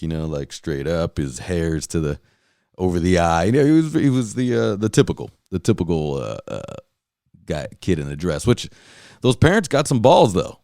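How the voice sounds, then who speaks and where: A man's voice: low voice, a little mellow, dry recording, studio quality. A man hosting a podcast, ranting casually and profanely, rambling with many fillers and restarts. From California. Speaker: podcast host. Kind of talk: casual rant.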